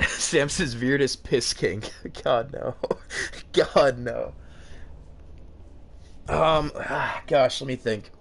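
A young man commenting on a horror game as he plays, nervous and talkative, swearing now and then and shouting when something scares him. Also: mid-range voice, very slow, vocal fry, long pauses. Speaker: gaming video host.

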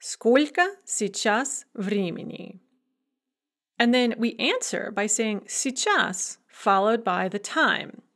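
A woman language instructor giving a recorded lecture, explaining grammar methodically and modeling example phrases slowly and carefully. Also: on the high side, animated, fairly bright tone.

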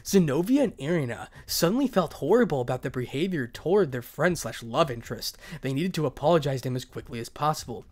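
Man narrating a story with lively pitch. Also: fast talker, few pauses. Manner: dramatic reading with occasional stumbles. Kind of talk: reading a fan fiction story aloud.

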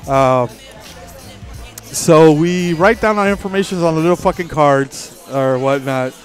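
Male stream host, slightly high voice, swears freely, animated storyteller; light music underneath. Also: unhurried. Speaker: livestream host.

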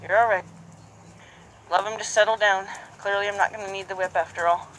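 A woman working a horse in a pen narrates the session in a bright, forceful voice, then drops to hushed, soothing murmurs for the animal. Hoofbeats and horse sounds carry behind her over a faint hiss of background noise. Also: mid-range voice, steady tone, a little fast, low-quality recording. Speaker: horse trainer. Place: horse arena or round pen.

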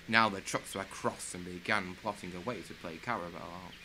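A man narrating a children's railway story in an animated reading voice. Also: low voice, moderate pace, few pauses, slight background noise. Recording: loud music under the voice. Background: loud background music.

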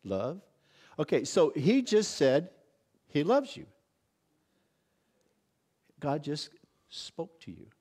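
Male pastor, higher-pitched voice with a lively, swooping delivery, casual workshop teaching with frequent restarts. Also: slow, pauses often, breathy edge. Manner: conversational, many restarts and acted-out inner exclamations. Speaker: visiting pastor.

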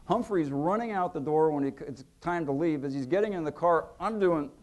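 A man in his fifties, an author telling anecdotes to an audience at a museum event, acting out quotes with lively pitch and volume. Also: fairly quick, a little hiss or hum. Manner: animated, acts out quotes with lively shifts in pitch and loudness. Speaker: author giving a book talk.

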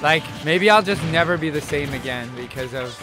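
A man hosting his own vlog speaks in a high, excitable voice, calling out to his viewers as he goes. Clear background music plays under his casual commentary. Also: normal speed. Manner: excitable, talks straight to viewers. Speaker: streamer and video host.

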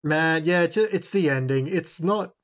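A man with a somewhat higher voice chats as a podcast guest, making wry jokes and wandering into asides. His audio sounds dull and lo-fi next to the others. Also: measured pace. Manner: wry, jokey, trails off in asides. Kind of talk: casual chat.

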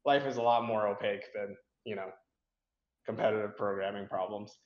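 A man's voice: fairly low pitch, steady tone, brisk. Young guy talking frank and rambly, lots of um and like, echoey dull recording. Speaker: interview guest, competitive programmer. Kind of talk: casual interview chat. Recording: roomy, dull lo-fi sound.

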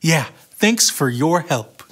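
A man narrating a Bible story for children in a warm storytelling tone. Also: on the high side, expressive, takes it slowly.

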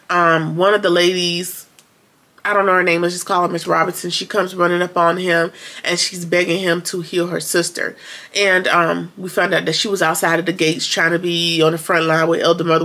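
A woman casually recapping a TV episode, retelling it in a colloquial, animated way with sarcastic asides. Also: lowish voice, vocal fry. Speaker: TV episode reviewer.

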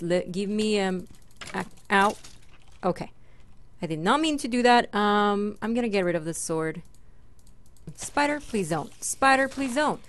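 Unhurried young woman gaming commentator. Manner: chatty, talks to the game's mobs and her pet; sudden high squeals when startled. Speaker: gaming channel host. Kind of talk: casual Minecraft let's play commentary.

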